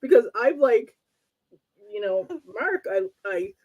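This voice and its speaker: A woman's voice: on the high side, very animated, slow pace, a little mellow, rough recording. A woman hosting a casual live-stream talk show, blunt and teasing with emphatic points.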